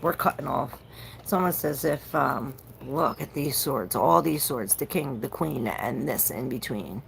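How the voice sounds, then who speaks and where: A woman's voice: a bass voice, lively intonation, a little slow, gravelly, slight background noise, poor audio. A woman giving a casual, rambling tarot reading on a livestream, repeating herself and swearing now and then.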